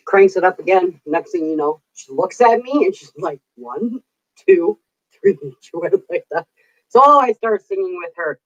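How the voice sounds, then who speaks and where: A woman's voice: fairly low pitch, lively intonation, a little slow, pauses often, dull audio. A middle-aged woman telling stories in casual chat, chatty, laughing often and swearing casually. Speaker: vlogger.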